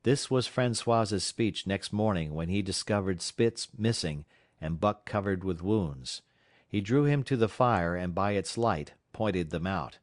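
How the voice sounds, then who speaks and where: A man reading a novel aloud as an audiobook narrator, measured and dramatic, dropping low at tense moments. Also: dry recording, clean studio sound.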